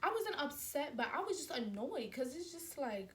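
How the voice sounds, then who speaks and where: A woman in her twenties telling a story to her viewers on camera, animated and acting out the scenes as she talks. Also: high-pitched, normal speed. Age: 20s. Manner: animated, acts out scenes, addresses viewers directly. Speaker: vlogger. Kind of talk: storytime vlog. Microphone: camera mic.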